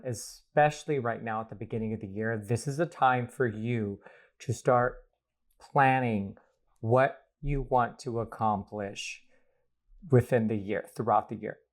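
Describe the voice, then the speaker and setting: A man's voice: medium pitch, steady tone, measured pace. A man, a guest astrologer, talking playfully in a rambling, casual podcast chat recorded at home. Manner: playful, rambling, laughs often.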